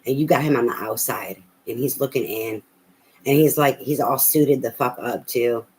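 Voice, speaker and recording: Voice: medium pitch, normal speed, slight background noise, rough recording. Blunt, profane tarot reader. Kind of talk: casual spoken tarot reading.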